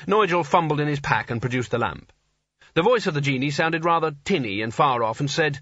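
A man reading a story aloud as an audiobook narrator, in a dry, even storytelling manner. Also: fairly high pitch, brisk, no room sound. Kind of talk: scripted narration. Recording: slightly dull lo-fi recording.

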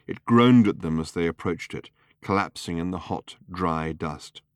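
A man narrating an audiobook in a measured, wry way. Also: sits low, clean tone, no echo, clean studio sound.

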